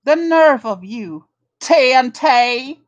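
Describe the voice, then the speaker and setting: On a muffled recording without room sound, a woman with a German accent talks slowly in a high, animated voice. She is hosting a live drama commentary stream, greeting viewers individually and mocking rivals with plenty of swearing.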